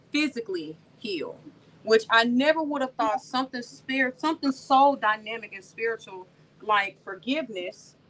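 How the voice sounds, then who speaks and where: A woman telling her own story on a video call from home, animated and addressing her listeners as y'all. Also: a little high, slight background noise, rough recording. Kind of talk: casual testimony to an online audience.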